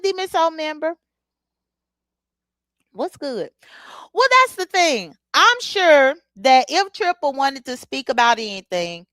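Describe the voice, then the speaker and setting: A woman's voice: fairly high pitch, a bit bright, dry recording. A woman hosting a casual livestream, talking bluntly with features and greeting chat viewers by name. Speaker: livestream host. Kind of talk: casual live commentary.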